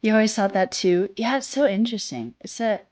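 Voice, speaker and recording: Young woman, soft childlike voice, a bit under the weather, casual streamer banter. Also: mid-range voice, fairly quick. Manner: reads chat aloud, swears casually, sings snatches. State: a little sick. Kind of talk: casual chat with live chat.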